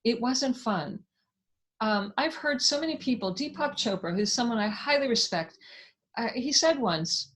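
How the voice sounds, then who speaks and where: This is a woman hosting a live online conversation, with a voice set somewhat high. She talks in an effusive, enthusiastic way, reading viewer comments aloud and thanking everyone. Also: expressive, moderate pace, a bit bright. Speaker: host. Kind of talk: live online interview wrap-up.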